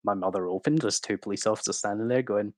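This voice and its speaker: A man in his thirties telling an animated, swearing-laced story as a guest on a livestream. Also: on the low side, quick pace, dry recording. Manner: animated anecdote-telling, swearing, acting out quotes. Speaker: guest speaker.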